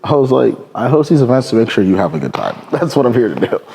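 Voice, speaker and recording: A man's voice: mid-range voice, sing-song, fast, vocal fry, a little mellow, slight background noise. A man in his thirties from California, telling stories in casual podcast chat, rambling and laughing, with lots of "like" and "dude". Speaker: podcast guest.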